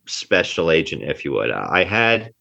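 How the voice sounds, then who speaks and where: A man's voice: rumbling low, big pitch swings, a little slow, creaky, sharp tone. A man from New Jersey, an actor being interviewed, talking emphatically and often repeating himself. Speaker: actor guest. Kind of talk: casual interview talk. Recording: dull lo-fi sound.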